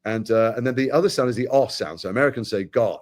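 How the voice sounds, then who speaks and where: A man's voice: medium pitch, quick pace. A middle-aged British man with an English accent, a guest actor speaking frankly in a live interview with wry asides. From Britain.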